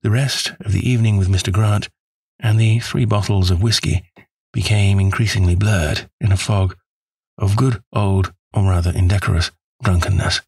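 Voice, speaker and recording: A man narrating an audiobook in the first person, measured and wry. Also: low voice, creaky, slightly rough, no room sound.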